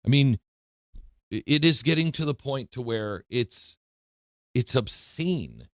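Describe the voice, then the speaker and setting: A male talk show host giving a political commentary monologue, emphatic and indignant, slowing down for dramatic stress. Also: mid-range voice, lively intonation, dry recording, clean studio sound.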